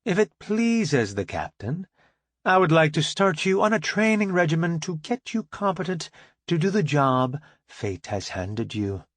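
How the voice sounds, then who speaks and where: A man's voice: fairly high pitch, very animated, a little slow, no echo, pitched above the performer's own voice. A man voicing a frank female starship engineer. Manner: crisp, formal military address.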